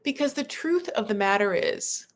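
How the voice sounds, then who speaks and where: A woman's voice: medium pitch, animated, normal speed. A woman giving casual, opinionated commentary on a reality show, talking loosely and swearing now and then.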